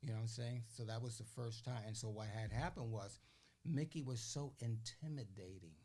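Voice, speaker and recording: An older man, a guest on a podcast, telling stories in a casual, animated way. He acts out the voices of the people he quotes and keeps asking "you know what I'm saying?". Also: mid-range voice, moderate pace. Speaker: interview guest. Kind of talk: casual storytelling.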